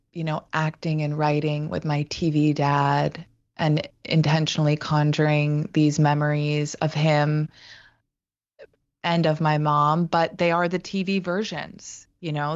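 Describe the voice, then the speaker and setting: Low-voiced woman in her thirties, reflective interview guest, halting delivery. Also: dry recording, highs cut off. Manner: thoughtful, halting, many restarts. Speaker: guest, actor and writer.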